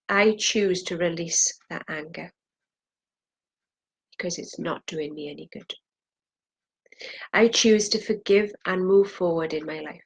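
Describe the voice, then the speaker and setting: A woman's voice: lowish voice, measured pace, creaky, long pauses, slightly rough. A woman leading a guided tapping session, saying phrases for the viewer to repeat and pressing harder on the angry lines. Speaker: EFT tapping practitioner.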